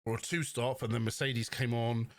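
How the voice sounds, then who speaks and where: A man with a Cornish accent co-hosting a podcast, chatting through a race weekend with fillers and quick explanations. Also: medium pitch, steady tone, no echo. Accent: Cornish English. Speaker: podcast co-host. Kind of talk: casual race recap chat.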